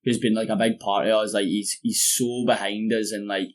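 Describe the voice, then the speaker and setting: A man's voice: fairly low pitch, little pitch movement, moderate pace. A Scottish man chatting casually as a podcast guest, telling stories in a loose, sweary way full of "like" and "mate". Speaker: guest musician. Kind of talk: casual chat over beers.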